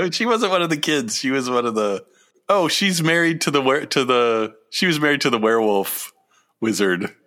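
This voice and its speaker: A man's voice: medium pitch, expressive, normal speed, bright, forceful tone. A man co-hosting a casual podcast, riffing playfully and laughing a lot as he reacts to a trailer. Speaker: podcast co-host.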